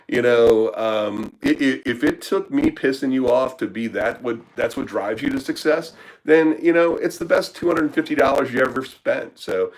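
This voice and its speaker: A man's voice: medium pitch, normal speed, rough recording. Blunt, profane man chatting in a live Q&A. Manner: blunt, profane, lots of filler words. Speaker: startup business consultant. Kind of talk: casual live Q&A.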